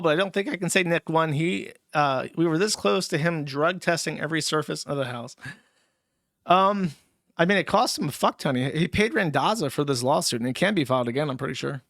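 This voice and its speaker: Male host, mocking profane ranter, slightly high pitch, dry close recording. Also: fairly bright tone, dry recording. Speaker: livestream host reading donations. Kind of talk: casual livestream rant.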